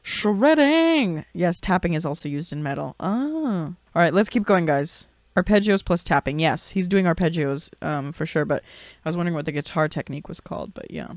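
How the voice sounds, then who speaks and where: A woman and opera singer hosting her channel, giving excitable, chatty live reaction commentary and explaining technique to viewers. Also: sits low, quick pace, no echo. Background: faint metal music from the video.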